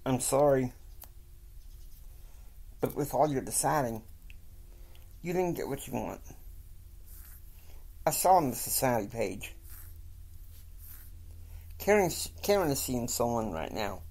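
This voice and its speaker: A man voicing a stern, caring wealthy mother who calmly lays down the law. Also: medium pitch, takes it slowly, creaky, long pauses, heavily acted. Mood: firm. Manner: calm, firm counsel.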